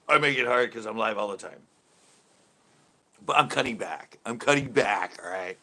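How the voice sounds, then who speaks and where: A man hosts a relaxed live stream from his home, answering viewers as they drop in. His voice is bright and forceful, and he laughs freely between his chatty remarks. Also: on the low side, measured pace, long pauses. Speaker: host of a live after-show stream.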